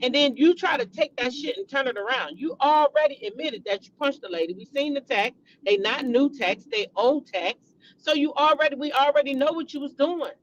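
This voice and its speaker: High voiced woman ranting about reality tv, blunt and cussing a lot, aave. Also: expressive, normal speed, dull audio, slight background noise. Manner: blunt, profane, heated ranting. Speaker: reality TV commentary host. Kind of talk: casual commentary vlog.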